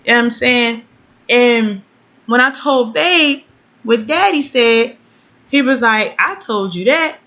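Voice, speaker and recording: A woman's voice: a little high, slow, pauses often, a bit bright, muffled recording. Blunt, foul-mouthed woman vlogger. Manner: blunt, outspoken, heavy swearing. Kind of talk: casual venting vlog. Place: at home.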